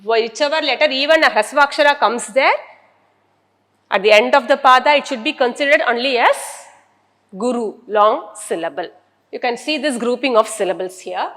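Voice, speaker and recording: A woman's voice: a little high, moderate pace, a bit bright, big-room sound. A woman teacher, lecturing a class and explaining step by step while she repeats key terms.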